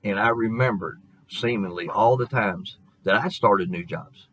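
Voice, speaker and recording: Man, pastor, husky fading voice, low-pitched, earnest folksy sermon, middle-aged. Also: measured pace, fairly bright tone, low-quality recording. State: losing his voice.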